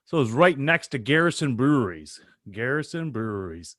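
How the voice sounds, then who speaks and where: A man's voice: medium pitch, big pitch swings, fairly quick, fairly bright tone, dry recording, clean studio sound. A Canadian man in his thirties co-hosting a sports podcast, laid-back and laughing easily in casual chat. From east coast of Canada. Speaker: podcast co-host.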